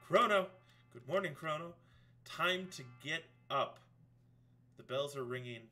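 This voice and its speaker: A man's voice: on the high side, unhurried, bright, forceful tone, soft background music. A man reading aloud a cheerful, nagging mother's lines in a video game, in a sing-song wake-up voice. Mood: cheery nagging.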